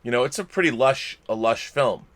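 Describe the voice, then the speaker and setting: A man's voice: mid-range voice, lively intonation, normal speed, a bit bright. A middle-aged man co-hosting a casual live stream, chatting and reading viewer tips aloud with his own asides.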